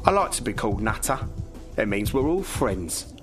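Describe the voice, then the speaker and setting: A man's voice: on the low side, very animated, moderate pace, music in the background. An actor playing a menacing but overly polite nightclub doorman with a Cockney accent. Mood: menacing politeness. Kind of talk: sketch comedy acting.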